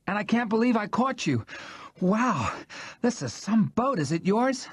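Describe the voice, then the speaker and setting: A breathless, excited woman, as a man puts her on. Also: medium pitch, measured pace, breathy edge, dry recording, voice pushed up. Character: breathless eager American woman, small and determined.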